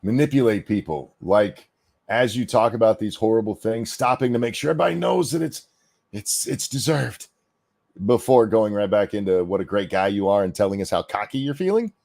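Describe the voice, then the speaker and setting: A lower-pitched man rants through a reaction commentary, swearing freely and berating his target with sarcasm. His talk is blunt and mocking throughout. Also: expressive, fairly quick, creaky, a little mellow, no echo. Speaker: commentary host.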